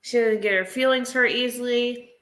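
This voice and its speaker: A woman's voice: fairly high pitch, fairly even intonation, moderate pace, a bit bright. A woman chatting casually on a live stream, rambling and emotional, often breaking into laughter. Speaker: livestreamer. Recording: roomy echo.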